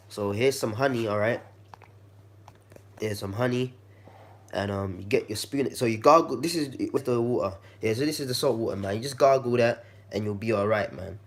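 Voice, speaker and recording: A man with a slightly croaky, congested voice, giving a laid-back how-to demonstration in his kitchen and talking to the viewer like a friend. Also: lowish voice. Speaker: vlogger.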